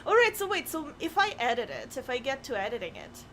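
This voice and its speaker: High, lively, excitable woman gamer. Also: fairly quick, a little hiss or hum. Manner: excitable, laughing, flustered. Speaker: streamer co-host. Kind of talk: casual chat while playing a game.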